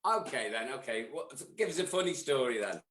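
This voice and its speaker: A man hosting a podcast, chatting with guests in quick, jokey banter. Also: medium pitch, very animated, a bit bright, slight background noise. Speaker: podcast host. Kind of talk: casual on-the-floor interviews. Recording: echoey hall.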